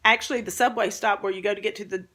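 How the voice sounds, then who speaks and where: A woman's voice: mid-range voice, steady tone, very fast, sharp tone. A woman with a Southern US accent, co-hosting a chatty, folksy casual conversation. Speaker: co-host. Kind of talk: casual chat.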